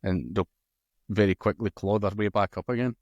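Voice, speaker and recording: A man's voice: lowish voice, normal speed, no echo, highs cut off. A man co-hosting a casual darts podcast, chatting loosely and reading out match results between chuckles. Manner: relaxed, chuckles often, reads out match results. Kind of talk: casual chat.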